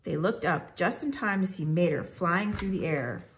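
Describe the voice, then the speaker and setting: Storybook narrator, woman, low, gravelly, measured. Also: expressive, a little hiss or hum. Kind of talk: storybook read-aloud.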